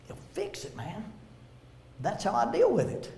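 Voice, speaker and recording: A man's voice: sits high, huge pitch swings, a little slow, vocal fry, a little mellow, reverberant. A man giving a church seminar, telling stories with humor and acting out quotes. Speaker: seminar speaker. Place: church meeting room.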